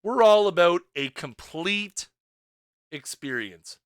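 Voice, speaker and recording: A man's voice: sits high, lively intonation, slow pace, clean tone, dry recording, clean studio sound. A man hosting a game livestream, chatting casually and joking playfully with his viewers. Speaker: stream host.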